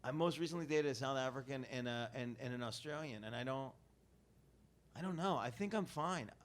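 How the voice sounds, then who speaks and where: A man's voice: medium pitch, fairly quick. A man hosting a podcast, chatting casually and joking, often trailing off and restarting his sentences. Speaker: podcast host. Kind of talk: casual chat.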